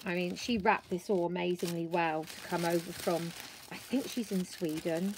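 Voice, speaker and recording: A British woman chatting casually as she shows off craft gifts, croaky from the end of a cold and gushing over each item. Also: lowish voice, steady tone, moderate pace, slight background noise, rough recording. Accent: British English. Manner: gushing and warm, frequent ums, gasps with delight. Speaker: craft vlogger. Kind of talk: casual show-and-tell chat.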